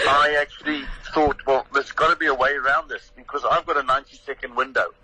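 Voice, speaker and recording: Bright, husky older South African man. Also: mid-range voice, poor audio. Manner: animated storyteller who acts out his own quotes. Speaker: comedian and radio guest. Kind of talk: phone-in radio interview.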